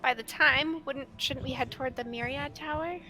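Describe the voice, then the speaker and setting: A woman's voice: high voice, normal speed, pushed and bright. A woman playing a tabletop game, speaking directly and decisively. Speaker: player.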